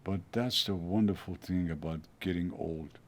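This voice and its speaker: An actor playing a gentle, reassuring older father who speaks softly. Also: low-pitched, natural voice. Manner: soft, slow, reassuring.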